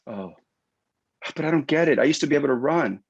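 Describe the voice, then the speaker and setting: A man's voice: a little high, expressive, a little fast, creaky, breathy edge, no echo, voice pushed up, exaggerated voice. A man voicing a frustrated injured patient who whines and pleads about not healing. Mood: whiny pleading. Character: whiny frustrated injured patient, exasperated complainer. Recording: dull lo-fi webinar audio.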